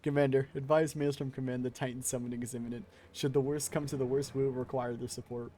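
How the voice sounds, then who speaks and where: A man voicing an earnest young male scholar in a fantasy game, reading in a formal, measured way. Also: medium pitch, level tone, dark tone, slight background noise, lightly acted. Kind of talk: reading game dialogue aloud.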